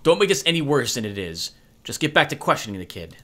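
Guy playing a stern calm cop lieutenant in a game, low and measured, kinda bright tone. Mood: disapproving. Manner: measured, disapproving. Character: calm, stern middle-aged male police lieutenant.

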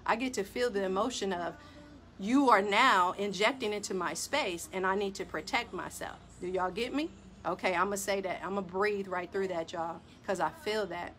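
A woman hosting a talk show, telling a personal story in an animated, emphatic way and speaking straight to her listeners. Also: medium pitch. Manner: animated, emphatic, addresses audience directly. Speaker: podcast host.

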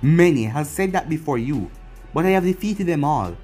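Giant demon overlord, pompous and lordly, husky, pitch moves a lot, man reading. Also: animated, moderate pace, darkish tone, soft background music. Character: enormous demonic male overlord, proud and grand.

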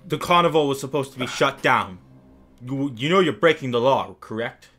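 A man's voice: mid-range voice, animated, normal speed, fairly bright tone, faint music behind, lightly acted. A man voicing stern male town guards in a tabletop game, speaking firmly and with authority. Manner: stern, firm, commanding.

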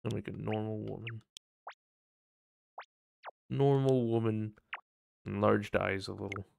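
A man's voice: lowish voice, level tone, slow pace, vocal fry, dull audio, noisy background. A man streaming a video game live, chatting and thinking aloud as he plays. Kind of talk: casual live-stream commentary.

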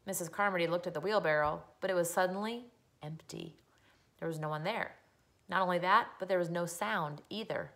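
A woman reading a children's story aloud, expressive and storytelling. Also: lowish voice, a little fast. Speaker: reader.

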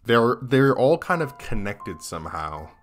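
Male gaming host, casual let's-play commentary, rambling and thinking aloud, voice tiring slightly, mid pitch. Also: very animated, unhurried, soft background music. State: voice getting tired.

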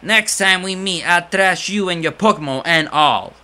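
A man voicing a boastful male street thug while reading game dialogue aloud, with shouted, cocky taunts. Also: sits high, moderate pace, pitched above the performer's own voice. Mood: blustering.

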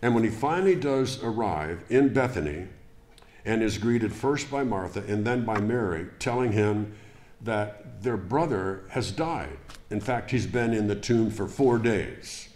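Pastor, male, low voice, emphatic preaching, roomy sanctuary sound. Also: darkish tone. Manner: deliberate, emphatic preaching with rhetorical questions. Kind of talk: sermon. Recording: echoey church room.

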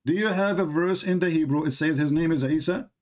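A man's voice: a little high, brisk, a little mellow. Blunt, impatient man debating. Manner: blunt, impatient, interrupts often. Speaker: debate host. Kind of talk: heated live religious debate.

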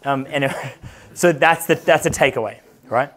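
A man's voice: medium pitch, moderate pace, a crowd in the background. A man working as a dating coach, telling casual stories in a brash, profane way, laughing often and acting out the voices of the people in his stories. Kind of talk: casual storytelling chat.

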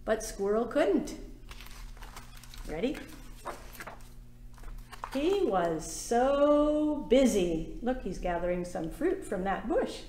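Slow, high-voiced woman reading storytime. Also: sing-song, dark tone, reverberant, slight background noise. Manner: slow, sing-song, inviting children to join in. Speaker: children's librarian hosting storytime. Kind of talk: reading a picture book aloud to children.

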